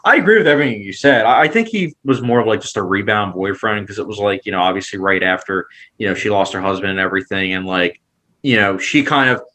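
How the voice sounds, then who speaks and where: A man hosting a podcast, chatting casually about a TV series in a relaxed, agreeable way, with frequent "like". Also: lowish voice, quick pace. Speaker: podcast host. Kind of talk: casual TV discussion.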